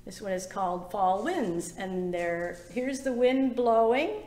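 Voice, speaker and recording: A woman's voice: mid-range voice, animated, takes it slowly, warm tone, echoey room. A woman hosting a library storytime, reading a picture book aloud in a sing-song way and inviting children to join in.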